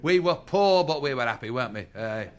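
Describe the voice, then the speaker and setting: A man's voice: medium pitch, animated, a little fast, clear, resonant tone. A middle-aged man doing a stand-up routine, chatting to the audience and throwing them rhetorical questions. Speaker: stand-up comedian. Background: audience laughter.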